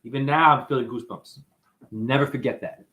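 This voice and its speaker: A man's voice: medium pitch, fairly quick. A man hosting a livestream, chatting in a rambling way, answering comments and swearing freely as he tells stories. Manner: excitable, profane, rambling storyteller. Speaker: livestream host.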